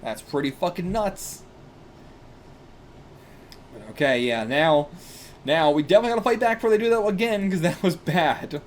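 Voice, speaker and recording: A young man reading a manga aloud and reacting casually, excitable and laughing, with bursts of swearing. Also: high-pitched, normal speed, pauses often, slight background noise. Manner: excitable, swears, laughs, puts on brief character lines.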